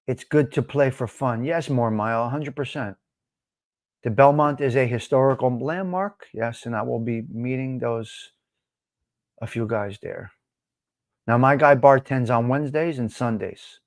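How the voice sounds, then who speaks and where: A man's voice: medium pitch, dry recording, clean studio sound. A man hosting a live stream, chatting casually with viewers, laughing often and answering the chat. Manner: laughing, animated, talks back to chat.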